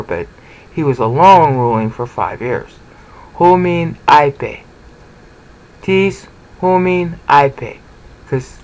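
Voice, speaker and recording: A man teaching a lecture on scripture, animated, often repeating words and checking in with rhetorical questions. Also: medium pitch, rough recording. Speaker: Bible teacher.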